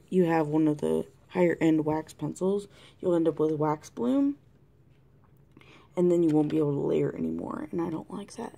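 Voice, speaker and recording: A woman hosts a colored-pencil drawing tutorial, narrating casually and chattily, thinking out loud and often sinking to a soft whisper. Her voice is low-pitched with vocal fry, and she has the hiccups. A camera mic sits close to the desk.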